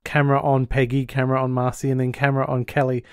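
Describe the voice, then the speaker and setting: A man's voice: mid-range voice, completely flat delivery, fast talker, clear, resonant tone, no echo, clean studio sound. A male podcast host recapping a sitcom episode in a chatty way, laughing easily and acting out the lines.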